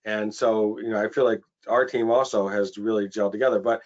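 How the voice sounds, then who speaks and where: A man's voice: fairly low pitch, fairly even intonation, a little fast. A man hosting a webinar panel over a video call, talking casually with many restarts and getting emotional. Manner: chatty, gets emotional, rambling restarts. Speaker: webinar host. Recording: dull lo-fi video call audio.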